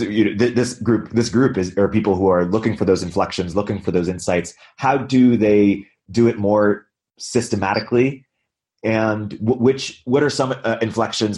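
A man interviewing a guest, asking questions in a halting way with many restarts. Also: lowish voice, a little mellow. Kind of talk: conversational interview.

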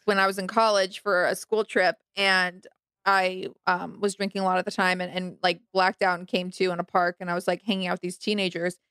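A woman in her thirties from New York, telling a casual anecdote in a relaxed way, with fillers. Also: fairly low pitch, fairly quick, clear, resonant tone, dry recording. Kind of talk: casual chat.

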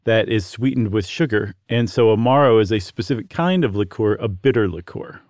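A man's voice: on the low side, brisk, darkish tone, no echo, studio quality. A man co-hosting a podcast, explaining at length in a friendly, casual way with fillers. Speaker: podcast co-host.

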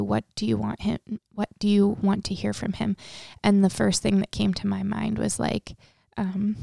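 Earnest woman with a gravelly low-key voice. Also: level tone, normal speed, mellow, no echo, clean studio sound. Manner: earnest, many fillers like "um" and "like". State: tearful, emotional. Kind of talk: casual faith conversation.

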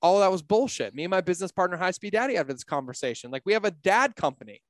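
A man's voice: sits high, animated, fast, dry recording, clean studio sound. A man in his thirties, a business coach and guest on a podcast, talking in a blunt, candid way and swearing freely. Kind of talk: casual podcast conversation.

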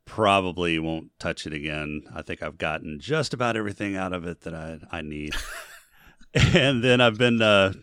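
Deep, bright-toned man co-hosting a podcast. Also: animated, normal speed, clean tone, no echo, studio quality. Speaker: podcast co-host. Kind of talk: casual podcast chat.

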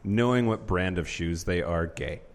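A man's voice: low voice, measured pace, in a large hall. A man co-hosting a casual comedic podcast, answering with short, dry remarks. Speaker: podcast co-host.

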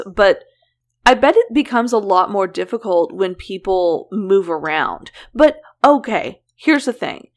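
A woman co-hosting a casual true-crime podcast, asking quizzical follow-up questions. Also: medium pitch. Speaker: podcast co-host.

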